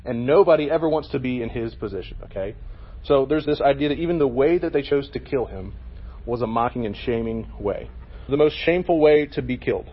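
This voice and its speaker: A man's voice: medium pitch, lively intonation, brisk, husky, dull audio. A man leading a casual Bible lesson for a youth group, talking to them with frequent "okay?" check-ins.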